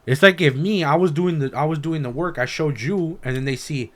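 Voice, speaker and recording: A man's voice: on the high side, brisk. A man telling work stories on a casual podcast, swearing freely and acting out the people he quotes. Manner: profane, animated storytelling, acting out quoted dialogue. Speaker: podcast co-host; welder.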